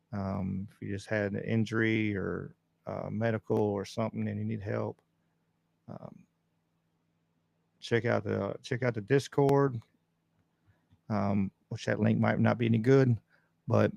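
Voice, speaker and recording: A man hosts his own podcast livestream, chatting loosely to his viewers. His voice sits low with a gravelly fry, and he rambles along in an easygoing way with plenty of fillers. The sound is close and dry, from a desk mic at home. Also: dry recording. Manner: rambling and laid-back, many fillers. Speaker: podcast host. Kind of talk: casual livestream chat. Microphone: desk mic on a stand.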